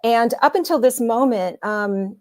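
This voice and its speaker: A woman, older than her forties, telling a candid personal story in a conversational way, with many pauses and fillers. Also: a little high, darkish tone. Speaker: guest storyteller.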